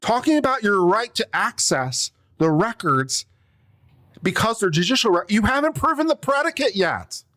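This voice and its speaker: A man's voice: high-pitched, very animated, normal speed, sharp tone. A man, an attorney, reading out a legal brief and picking it apart with sarcastic, exasperated asides, coughing now and then. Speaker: attorney commentator.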